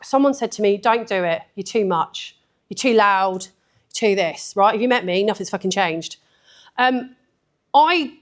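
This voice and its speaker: A woman giving a blunt, sweary, chatty talk at a photography event, laughing often. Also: on the high side. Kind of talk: live conference talk.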